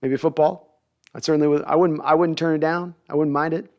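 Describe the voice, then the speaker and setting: Chatty, slightly high-voiced male host. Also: steady tone, a little fast, dull audio. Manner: chatty, self-deprecating, laughs often. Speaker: sports podcast host. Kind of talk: casual livestream chat, reading comments.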